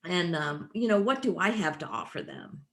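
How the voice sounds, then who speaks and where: A woman hosting a podcast, an encouraging interviewer who talks in a casual, expressive way. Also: fairly low pitch, moderate pace. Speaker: podcast host. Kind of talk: conversational interview.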